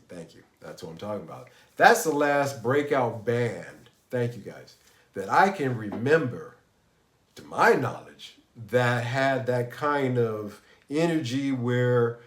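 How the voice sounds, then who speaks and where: A man's voice: medium pitch, reverberant. A man hosting a casual live stream about music, rambling with many restarts, sounding unwell and tired. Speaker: livestream host.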